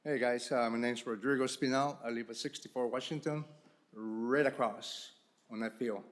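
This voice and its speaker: A man's voice: medium pitch, fairly even intonation, normal speed. A man speaking as a resident at a council meeting, informal and emotional, repeating his points. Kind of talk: public comment. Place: council chamber.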